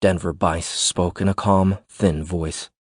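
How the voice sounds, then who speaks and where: Deep-voiced guy reading an audiobook, steady and measured, dry sound. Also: dry recording. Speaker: audiobook narrator. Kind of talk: scripted audiobook narration.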